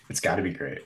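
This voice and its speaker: A man co-hosting a podcast in casual chat, hesitant, with many "like"s and restarts. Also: fairly bright tone. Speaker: podcast co-host.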